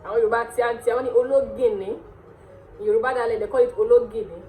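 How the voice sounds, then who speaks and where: A Nigerian woman hosting a casual language lesson, repeating words slowly and laughing often. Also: fairly high pitch, steady tone, dark tone. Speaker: dialect teacher and channel host. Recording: echoey room with faint music.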